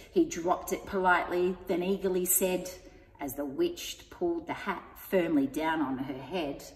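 A woman reading a rhyming picture book aloud to children, expressive and sing-song. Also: medium pitch. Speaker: story time reader. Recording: echoey room with long reverb.

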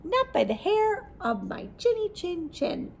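Storybook hero: a woman playing a bold, defiant little boy pig with a high, squeaky voice. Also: sing-song, a little slow, creaky, full character voice. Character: defiant, clever young male pig.

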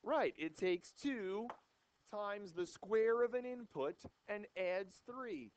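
A man's voice: high voice, animated, slow, slight background noise. A young male math teacher giving a jokey, playful lecture to a classroom of students on an old microphone. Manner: playful, wisecracking, theatrical.

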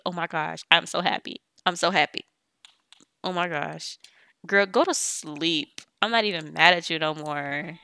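A woman's voice: lowish voice, vocal fry, pushed and bright, dry recording. A woman casually commenting on her gameplay. She chats in loose, slangy speech while bossing and teasing her game characters. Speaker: let's play host.

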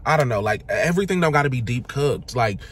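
A man's voice: fast, slight background noise. Sassy, dramatic man vlogging food. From Jamaica. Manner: dramatic, sassy and expressive, swinging between loud exclamations and low asides. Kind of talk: casual chatty vlog. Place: in a car, out and about, then at home. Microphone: handheld camera or phone.

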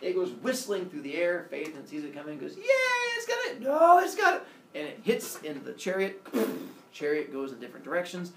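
A male teacher retelling a myth to his class in a playful, animated storytelling style, with asides to the students. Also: on the high side, a little fast, vocal fry, few pauses, a little hiss or hum. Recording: echoey room, far from the mic.

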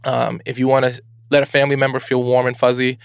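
A man from Brooklyn hosting a podcast, giving casual advice in an animated, playful way full of slang. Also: medium pitch, quick pace, vocal fry, clean tone, no echo, studio quality. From Brooklyn, New York. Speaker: podcast host.

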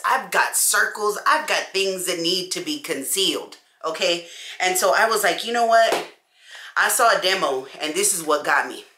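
A woman chats to camera in an animated, conversational way, calling her viewers y'all. Her voice sits a little low but sounds bright and forceful. The room is echoey around her. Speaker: beauty vlogger. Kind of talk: casual chat to camera.

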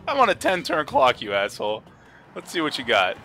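A young man giving casual, excitable commentary on his own card game, swinging from low mutters to high yelps, laughing and swearing. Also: fairly quick, soft background music. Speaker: gaming video host.

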